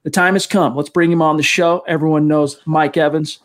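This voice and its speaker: A man's voice: fairly high pitch, steady tone, a little fast. A man hosting a sports talk show, talkative and often restarting his sentences. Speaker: sports podcast host.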